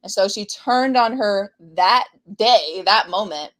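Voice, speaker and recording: A woman's voice: medium pitch, slow pace, a bit bright. A woman co-hosting a casual podcast, chatting animatedly about the week's wrestling, laughing often and trailing off mid-thought. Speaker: podcast co-host. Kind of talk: casual wrestling recap chat.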